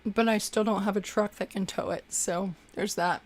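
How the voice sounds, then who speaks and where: A woman's voice: mid-range voice, steady tone, normal speed. A young woman hosting a casual livestream, chatting and effusively thanking viewers for their super chats.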